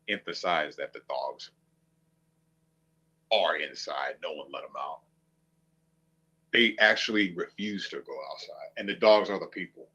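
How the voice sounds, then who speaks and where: A man's voice: low voice, bright, forceful tone, husky. A man streaming, ranting to viewers with a profane, mocking, combative manner. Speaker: online streamer.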